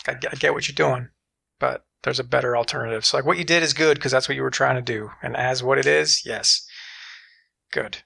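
A man in casual conversation about films, animated and profane, often acting out quoted reactions. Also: mid-range voice, a little fast, creaky, husky. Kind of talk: casual film discussion.

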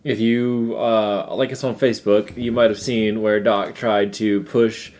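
A man's voice: fairly low pitch, flat delivery, unhurried, a little mellow. A man co-hosting a casual podcast, telling stories in a rambling way with many fillers and frequent laughter. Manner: rambling storyteller, lots of fillers, laughs often. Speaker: podcast co-host. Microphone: podcast recorder.

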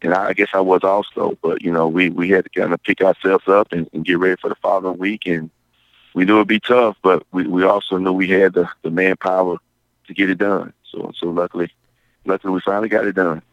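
A man, a basketball coach, talking in an interview with a raspy voice, rambling with many fillers and restarts. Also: sits low, flat delivery, fairly quick, dry recording, highs cut off. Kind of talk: phone-in interview.

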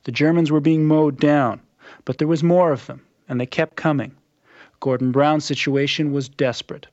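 A man reading scripted documentary narration in a measured, dramatic storytelling manner. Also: on the high side, steady tone, a little mellow, no room sound. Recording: muffled lo-fi radio recording.

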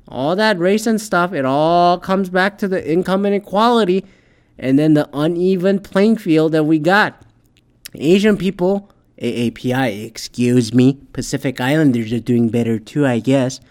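Dude ranting hard, swears nonstop, slightly high voice, gets loud then drops low. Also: male voice, moderate pace. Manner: heated, swears constantly, shifts loud and soft. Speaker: podcast host. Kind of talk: profane opinion rant.

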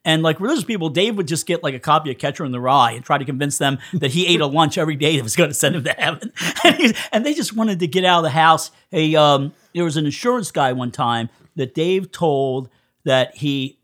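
A man's voice: fairly high pitch, brisk. A man being interviewed on a podcast, telling stories casually, laughing often and acting out other people's lines. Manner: animated storyteller who laughs often and acts out quoted people. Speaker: podcast guest, musician.

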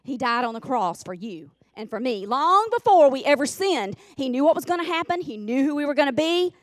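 A woman's voice: high voice, big pitch swings, fairly quick, no echo. A woman preaching a sermon in a church, folksy and repetitive, calling on the congregation to respond. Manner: folksy, repeats lines for emphasis, calls on the congregation. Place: church sanctuary.

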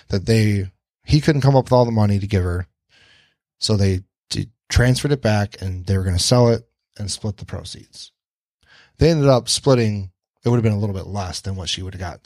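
With a fairly low, slightly mellow voice captured in a dry recording, a podcast host from around Detroit spins a casual tale. He swears without restraint and plays out the quoted dialogue of the characters.

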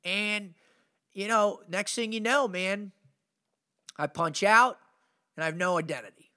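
High, bright-voiced energetic man. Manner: energetic, informal, peppers speech with "man" and "you know"; intense, emphatic storytelling. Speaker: podcast host and motivational speaker. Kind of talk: motivational storytelling.

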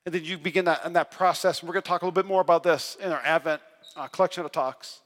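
Male pastor, high bright voice, energetic storyteller with a joking, self-deprecating streak, preaching a sermon in a big reverberant hall. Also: fast. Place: large church hall. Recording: long reverb of a large hall.

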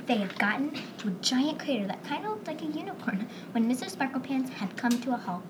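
A woman reading a children's story aloud in a steady, plain way. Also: high voice, brisk, noisy background. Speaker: reader.

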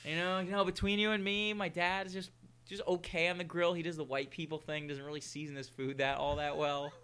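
Bright-voiced joking podcast co-host, a man. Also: on the high side, little pitch movement, a little fast, a little hiss or hum. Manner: joking, storytelling. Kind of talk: casual chat.

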